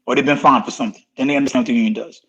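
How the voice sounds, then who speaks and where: Husky middle-aged man, quick animated storyteller, emphatic repetition, podcast guest. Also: mid-range voice, muffled recording. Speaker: podcast guest, former NFL player. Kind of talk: casual interview storytelling.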